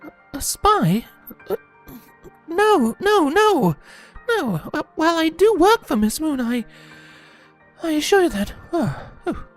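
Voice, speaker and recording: A woman's voice: high voice, sing-song, slow, pauses often, soft background music, full character voice. A woman voicing a flustered, stammering female pony who grows drowsy and dreamy.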